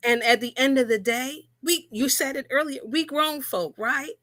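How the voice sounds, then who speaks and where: A woman's voice: sits high, normal speed, fairly bright tone, no room sound. A woman co-hosting a live talk about relationships, speaking earnestly and repeating key phrases for emphasis. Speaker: co-host.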